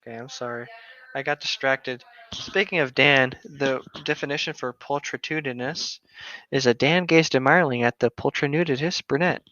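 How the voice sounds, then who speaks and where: A man's voice: mid-range voice, moderate pace, sharp tone, no echo, dull audio. A man reading story posts aloud and rambling jokingly on a casual podcast. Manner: rambling, joking, laughs a lot. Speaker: co-host reading stories.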